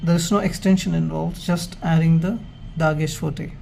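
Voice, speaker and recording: A man teaching Hebrew grammar in a slow, measured way, explaining step by step with pauses. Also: a little high, fairly even intonation, creaky, darkish tone, a little hiss or hum. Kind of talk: slow, methodical grammar lesson.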